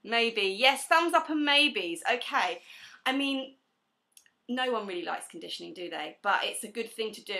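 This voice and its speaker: A young woman leads a pilates session, cueing breathing and giving friendly corrections to participants. Her voice is bright and crisp. It sounds echoey and distant, as if she is standing away from the mic. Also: on the high side. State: out of breath at times. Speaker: pilates instructor. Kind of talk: live online fitness class instruction.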